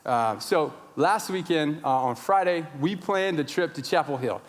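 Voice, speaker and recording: A man in his thirties, a pastor telling a story in a sermon, acting out his own shouting. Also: on the high side, expressive, a little slow. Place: large church sanctuary. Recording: long church reverb.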